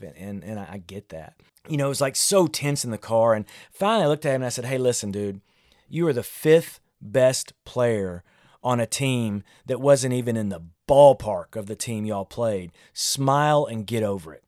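A candid pastor talks about parenting on his solo podcast, his male voice mid-range and a little mellow. He's conversational and self-deprecating, frequently starting sentences over, and the sound is dry and close.

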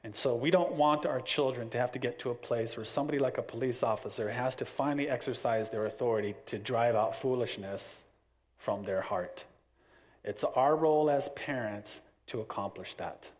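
A man's voice: medium pitch, normal speed. Man teaching a church parenting class. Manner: storytelling with acted-out voices.

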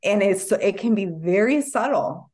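A woman's voice: mid-range voice, lively intonation, a little slow, a little mellow. A woman psychologist talking in a casual podcast conversation, reflective and thoughtful, often restarting her sentences. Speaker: psychologist guest.

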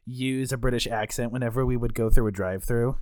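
A man's voice: medium pitch, steady tone, quick pace, a little mellow, no room sound. A young man co-hosting a podcast, chatting casually with dry, wry humor. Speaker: podcast co-host. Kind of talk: casual chat.

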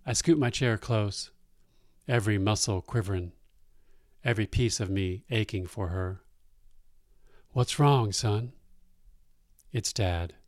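A man reading a first-person story aloud in a plain-spoken, unhurried way. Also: fairly low pitch, no echo, clean studio sound.

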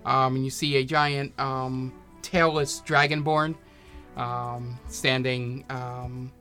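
A man narrating as game master in a tabletop game, talking haltingly with many fillers. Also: mid-range voice, little pitch movement, pushed and bright, soft background music.

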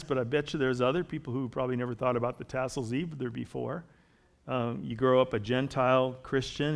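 A man's voice: mid-range voice, gravelly. A man preaching a sermon in a conversational way, growing emphatic as he reads and explains scripture. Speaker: pastor.

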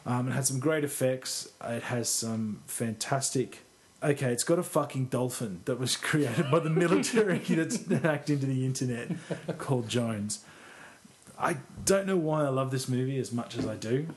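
In a mid-range voice at normal speed, a male podcast co-host talks loosely about a film he's fond of, wandering off topic, knocking himself, and cursing casually.

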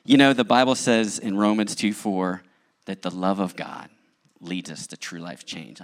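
A male pastor with a low, creaky voice preaches a sermon that includes his personal testimony, telling his own story in a candid, conversational way.

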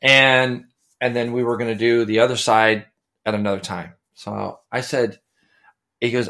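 A man's voice: mid-range voice, fairly even intonation, unhurried, sharp tone. A middle-aged man co-hosting a podcast, telling a rambling story in casual chat with many restarts. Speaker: podcast co-host.

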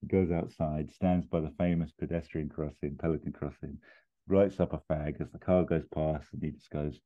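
A man casually pitching a comedy plot, rambling and chuckling with quick put-on voices. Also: steady tone. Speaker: podcast host pitching a film plot. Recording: tinny phone-like line.

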